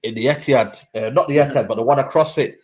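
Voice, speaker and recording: A man co-hosting a casual football chat on a live stream, excitable and peppering his talk with "man" and "mate". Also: medium pitch, fast. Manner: excitable, fills lines with "man", "mate" and "bro". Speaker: co-host, football fan.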